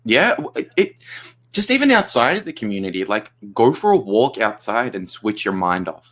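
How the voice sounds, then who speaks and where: A man's voice: fairly low pitch, very animated, normal speed, a bit bright. A man in casual livestream chat who swears freely and laughs often.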